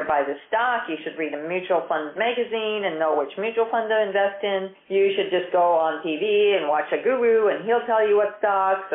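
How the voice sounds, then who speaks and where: Woman, fairly low voice, earnest storyteller, tinny phone-like sound. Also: reverberant. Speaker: market technician and educator. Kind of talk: recorded talk on investing.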